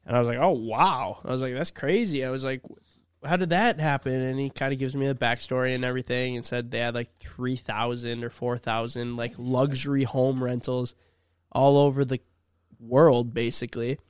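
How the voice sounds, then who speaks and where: Laid-back young man with a smooth voice. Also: medium pitch, steady tone, normal speed, no echo, studio quality. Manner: laid-back storyteller, acts out quotes. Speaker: YouTuber. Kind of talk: casual podcast chat.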